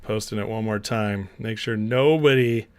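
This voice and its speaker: A man with a lowish, slightly mellow voice runs a laid-back livestream at normal speed, his tone clear and resonant. He chats freely, reading out viewer comments and laughing along.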